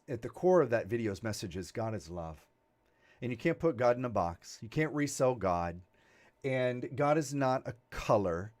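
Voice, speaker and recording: Male reverend, conversational sermon into guided meditation, medium pitch, easygoing preaching with asides. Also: darkish tone. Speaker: reverend leading a Sunday broadcast.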